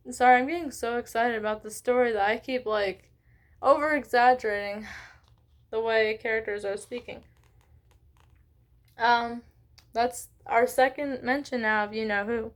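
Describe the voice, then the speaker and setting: A woman's voice: on the high side, steady tone, moderate pace, long pauses. A woman hosting a read-along, narrating a book and stopping to chat, ask questions and apologize for her slips. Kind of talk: children's book read-aloud.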